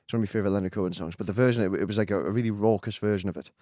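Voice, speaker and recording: A man chats quickly in a rambling, self-deprecating way, full of fillers and restarts. His voice sits fairly low, and the recording is close and dry with no room sound. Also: mellow, no echo. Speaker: podcast guest, singer-songwriter. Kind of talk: casual chat.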